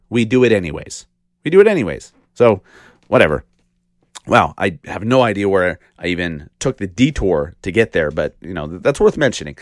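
Podcast host, male, low deep voice, blunt rant with rhetorical questions, dry close mic. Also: no echo. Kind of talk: casual solo podcast monologue.

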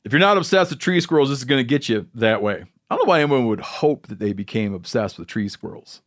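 A man hosts a casual podcast and tells a long, rambling story with a joking edge. His voice sits at an ordinary middle pitch. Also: lively intonation, fast. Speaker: podcast host.

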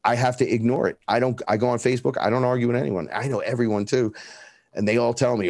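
A man's voice: mid-range voice, steady tone, fast, darkish tone, no echo, studio quality. A man telling rambling, profane stories in casual talk, acting out the voices of the people he quotes. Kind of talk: casual storytelling.

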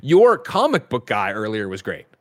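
A man's voice: fairly low pitch, huge pitch swings, normal speed, a bit bright. A man hosting a casual gaming news show, rattling off release lists with joking asides. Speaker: show host. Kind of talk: casual chat and news roundup.

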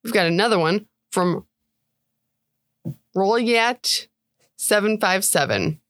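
A woman's voice: mid-range voice, slow, fairly bright tone, no room sound. Chatty woman co-hosting a game podcast. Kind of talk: casual chat, reading listener reviews.

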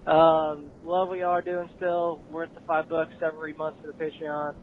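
A man's voice: on the high side, completely flat delivery, normal speed, a little hiss or hum. A man leaving a rambling, friendly voicemail, full of ums and uhs. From Texas. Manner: rambling, friendly, uses lots of fillers. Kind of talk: casual voicemail message. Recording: phone-line voicemail.

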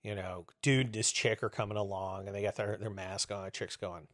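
A man in his fifties hosting a show, delivering a profane, sarcastic comedic rant that swings between loud outbursts and low muttering. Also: steady tone, a little fast, no room sound, studio quality. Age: 50s. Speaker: host.

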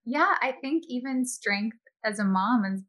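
A woman guest, a health and wellness expert, in casual chat, talking in a chatty, animated way and laughing often. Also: fairly high pitch, measured pace.

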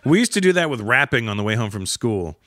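A man hosting a podcast, telling stories in a casual, animated way and acting out the people in them. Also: medium pitch, fast. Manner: animated, acts out voices in stories. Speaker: podcast host. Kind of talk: casual comedic storytelling.

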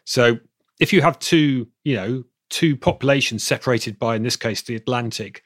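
A man's voice: mid-range voice, normal speed, no echo, studio quality. A man from southern England with a southern English accent, answering interview questions at length as an expert guest, often restarting his sentences. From Bristol, England. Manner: rambling, self-correcting explainer.

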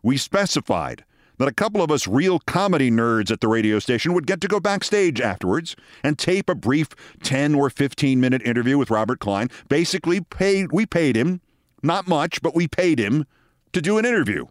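A man in his sixties hosting a show, telling a story in a measured, dramatic way with wry asides. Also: a little high, big pitch swings, dry recording, studio quality. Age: 60s. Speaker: host. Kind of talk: storytelling monologue.

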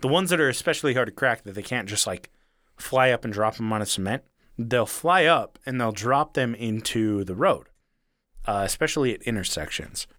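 A man's voice: mid-range voice, lively intonation, moderate pace, fairly bright tone, no room sound, studio quality. A man telling a rambling story in casual chat, chuckling now and then and swearing freely.

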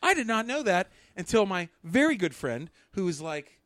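A man with a somewhat high, very lively voice chats and jokes his way through a story. The sound is close and dry, with no room around it. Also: normal speed, no room sound. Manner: animated, jokey storyteller. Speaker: podcast co-host. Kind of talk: casual chat.

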